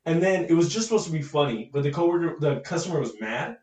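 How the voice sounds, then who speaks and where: A man's voice: a little high, expressive, fast talker, darkish tone. Young man chatting in an echoey room. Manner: laid-back storytelling, swears often. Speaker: podcast co-host. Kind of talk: casual chat. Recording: echoey room, distant mic, faint noise.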